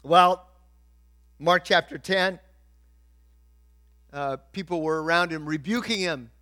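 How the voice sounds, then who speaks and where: A middle-aged male pastor preaching a sermon, swinging from quiet asides to loud, emphatic points. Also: a little high, a little slow.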